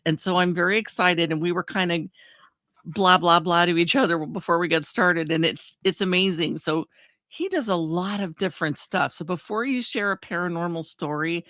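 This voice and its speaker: A woman's voice: lowish voice, fairly bright tone, no room sound. Female podcast host, bubbly and enthusiastic, dry close sound. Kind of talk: casual interview chat.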